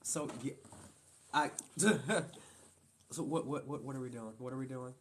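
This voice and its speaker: A playful father chats on a casual live stream, teasing gently and joking along. He keeps speaking straight to his viewers, calling them "y'all". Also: medium pitch, fairly even intonation, measured pace, a little hiss or hum.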